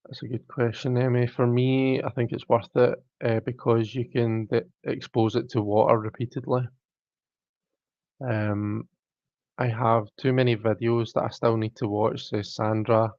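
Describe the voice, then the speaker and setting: A man's voice: medium pitch, flat delivery, measured pace, darkish tone, no room sound, dull audio. A man with a British accent hosting a live stream, casually reading viewer comments aloud and chatting back in a self-mocking way. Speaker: livestream host.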